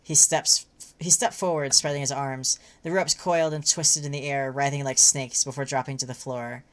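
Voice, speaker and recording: This woman has a bass voice and speaks at a moderate pace. As a livestream co-host, she gives a fanfic a lively reading, then drifts into casual chat packed with filler words.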